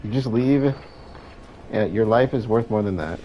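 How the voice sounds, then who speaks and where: A man with a fairly low voice giving casual gameplay commentary. He chats, reacts to what's on screen and swears freely. Some faint ambience sits behind him. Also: a little slow, highs cut off, a little hiss or hum. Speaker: let's play host.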